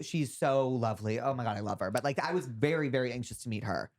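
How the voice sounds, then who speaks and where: Young male comedian, chatty guest, fast animated anecdotes peppered with fillers. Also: medium pitch. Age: young adult. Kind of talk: casual interview chat.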